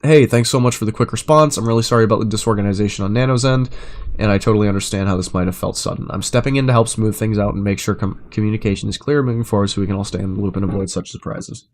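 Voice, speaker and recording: Low-voiced man reading chat messages. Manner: even, measured reading of messages; loud, sarcastic swearing rants when reacting. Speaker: commentator reading chat logs. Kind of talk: reading messages aloud with reactions.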